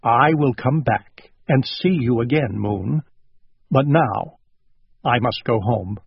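A man voicing a gentle, earnest and muddled little male owl in a storybook read-aloud. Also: medium pitch, slow pace, gravelly, husky, no echo, heavily acted. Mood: tender. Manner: earnest and simple-minded. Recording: dull lo-fi recording.

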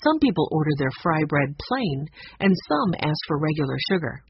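An audiobook narrator reading a children's storybook aloud at a steady, even pace. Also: medium pitch, moderate pace, husky. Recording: dull lo-fi recording.

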